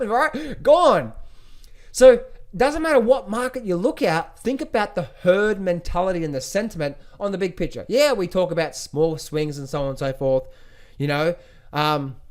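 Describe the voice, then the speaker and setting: A middle-aged man giving casual market commentary as a trading educator, animated, often slipping into high mock voices of panicking traders. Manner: frequent fillers and restarts, addresses viewers as guys.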